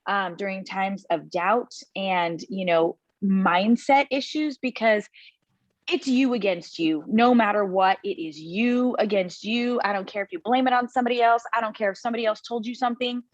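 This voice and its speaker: Energetic woman on a muffled video call. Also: medium pitch, normal speed, dry recording. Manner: energetic, emphatic, repeats for effect. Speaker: guest speaker, coach. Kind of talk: motivational talk.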